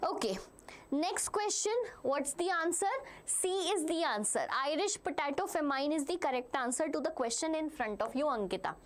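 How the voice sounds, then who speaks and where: A woman's voice: sits high, normal speed. A woman teaching a live online class, asking her students questions as she goes. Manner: animated, asks the class questions.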